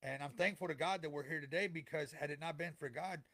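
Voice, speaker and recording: A middle-aged man speaks with a fairly high voice, earnest and a little preachy. He repeats key phrases to drive them home. It sounds like heartfelt motivational talk from a co-host. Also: quick pace, creaky, pushed and bright. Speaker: podcast co-host.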